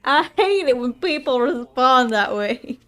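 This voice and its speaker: 킥킥 웃으며 수다스러운 여자 게임 플레이어. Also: female voice, high-pitched, expressive, unhurried, fairly bright tone. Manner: giggly, chatty, reads out from a rulebook. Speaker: player. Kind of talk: casual tabletop game chat.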